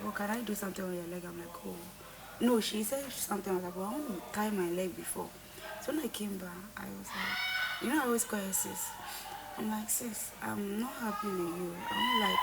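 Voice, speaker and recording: A woman's voice: mid-range voice, gravelly. A young woman in a casual conversation, earnestly retelling a falling-out with repeated quoted dialogue. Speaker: reality show contestant.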